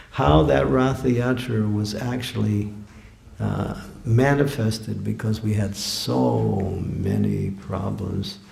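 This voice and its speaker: A man's voice: medium pitch, gravelly, mellow. A man giving a storytelling lecture at a temple program, chuckling often and repeating words as he goes. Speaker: guest speaker at a temple program. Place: temple hall. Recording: echoey hall recording.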